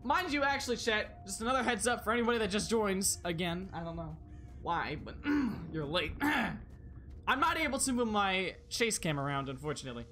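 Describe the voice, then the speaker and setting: An excitable streamer yelps and chatters through a live shooter session, swinging widely in pitch. The voice is bright and forward on a desk mic at home. A faint hiss sits behind it. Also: brisk. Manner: excitable, yelps and laughs, talks to chat. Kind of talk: live gameplay commentary.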